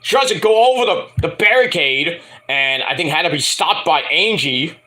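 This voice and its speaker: A high-voiced man talks through a wrestling match in a casual, chatty recap. His pitch swings all over as he goes, and he swears freely. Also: normal speed. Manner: animated, profane, chatty. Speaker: wrestling show reviewer.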